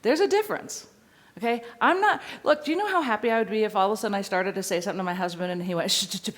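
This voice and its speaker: A woman dog trainer speaks to a seminar audience. Her voice sits at a middle pitch, and she teaches in a lively, playful way. Now and then she acts out what a dog would say. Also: rapid-fire.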